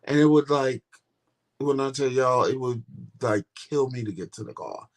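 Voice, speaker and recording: A man's voice: mid-range voice, moderate pace. Candid man telling his story on a podcast. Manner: candid, storytelling, swears casually. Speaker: co-host. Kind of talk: casual podcast chat.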